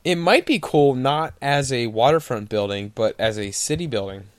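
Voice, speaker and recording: A man's voice: medium pitch, animated, moderate pace. A man co-hosting a casual chat, agreeable and joking. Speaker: podcast co-host.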